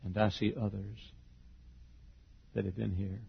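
A middle-aged pastor preaching a sermon, moving from quiet storytelling to loud, shouted preaching. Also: male voice, fairly low pitch, flat delivery, unhurried, creaky, long pauses, breathy edge. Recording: dull lo-fi sermon recording.

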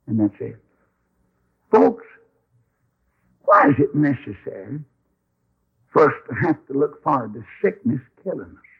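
A man's voice: mid-range voice, sing-song, measured pace, vocal fry, pauses often, husky, phone-quality sound. A man preaching a sermon in a folksy, emphatic storytelling way. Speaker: Baptist preacher.

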